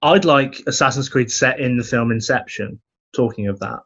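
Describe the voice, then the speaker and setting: A young man co-hosting a podcast, talking in a laid-back, halting way with dry humor. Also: mid-range voice, a bit bright. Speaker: podcast co-host. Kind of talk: casual chat. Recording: slightly dull, muffled sound.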